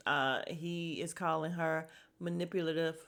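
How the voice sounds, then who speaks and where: This young woman's voice is low and unhurried as she recaps a reality show for her podcast. Casual and gossipy, she speaks bluntly, swears a lot, and quotes the cast in animated voices.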